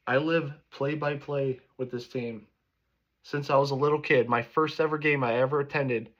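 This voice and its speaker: A man in his thirties, a sports fan vlogger, delivering an angry, profane reaction rant. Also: mid-range voice. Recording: dull lo-fi recording.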